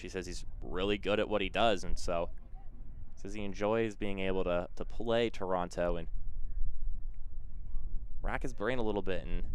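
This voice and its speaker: A man calling a live soccer match play-by-play in a steady, conversational way, filling quiet stretches with background chat about the teams. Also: deep voice, clear, resonant tone. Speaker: play-by-play commentator.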